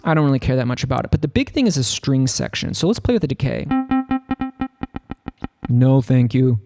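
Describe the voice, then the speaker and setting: A man giving a casual, rambling tutorial on a software synth, talking loosely with lots of filler words. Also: mid-range voice, very animated, brisk, creaky, soft background music. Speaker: music production tutor. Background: faint synth keyboard notes.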